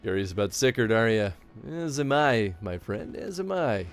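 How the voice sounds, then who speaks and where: A man's voice: fairly low pitch, sing-song, moderate pace, soft background music. A shrewd, formal pirate captain, read by a man. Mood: musing. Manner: formal, old-fashioned phrasing. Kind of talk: reading game dialogue aloud.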